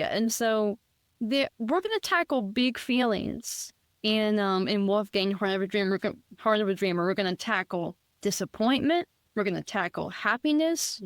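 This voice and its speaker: A woman guest chats about her writing in a rambling, eager way, often restarting her sentences. Her voice sits fairly high, smooth and resonant. The sound is close and dry. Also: dry recording. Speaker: author guest. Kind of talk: casual interview chat.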